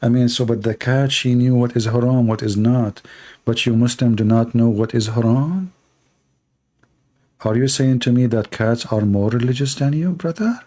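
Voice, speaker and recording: A man's voice: mid-range voice, normal speed, mellow. A man hosting a commentary vlog, rambling and sarcastic as he mocks what he reacts to. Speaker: channel host.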